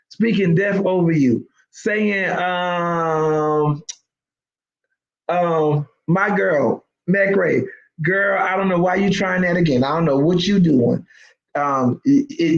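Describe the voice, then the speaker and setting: A woman life coach giving an emphatic, preachy motivational talk, repeating her points for emphasis. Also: mid-range voice. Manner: emphatic, preachy exhortation with repetition. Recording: roomy, dull lo-fi sound.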